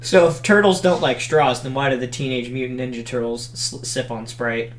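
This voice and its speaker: A man's voice: medium pitch, fairly even intonation, normal speed, a little hiss or hum. A young man co-hosting a podcast, teasing his friend and jumping in with jokes. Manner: teasing, jumps in with jokes and interruptions. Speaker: podcast co-host. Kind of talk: casual chat.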